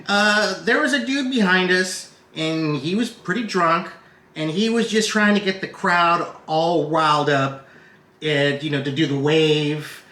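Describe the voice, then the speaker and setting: A man's voice: on the high side, a little slow, reverberant. A man co-hosting a podcast, telling a story in casual chat and acting out other people's lines in a raised voice. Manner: animated, profane, acts out quotes in raised voice. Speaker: podcast co-host.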